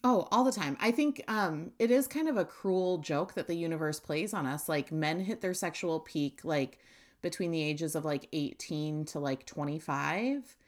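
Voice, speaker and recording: A woman in her late thirties with a lowish voice talks openly and without modesty in a relaxed podcast chat. She laughs easily and peppers her sentences with "like.". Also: moderate pace. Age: 30s. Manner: candid, laughs often, many "like" fillers. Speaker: podcast co-host. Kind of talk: casual chat.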